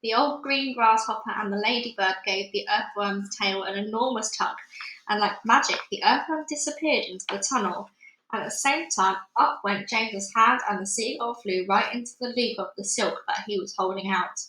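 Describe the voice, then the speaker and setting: Woman reading a kids book aloud, lively, bright voice, echoey room. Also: medium pitch. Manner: lively expressive storytelling. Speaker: children's book reader.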